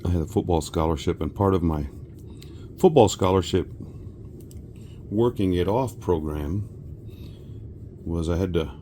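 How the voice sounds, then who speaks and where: A man from South Texas chatting casually while he works, a rambling storyteller who often clears his throat. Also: deep voice, dark tone, slight background noise. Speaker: resin crafting vlogger.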